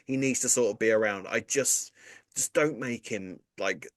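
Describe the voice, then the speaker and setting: A man's voice: on the low side, moderate pace, no echo, clean studio sound. A man co-hosting a soap podcast, talking casually with lots of fillers and asides. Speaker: podcast co-host. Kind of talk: casual chat about a soap.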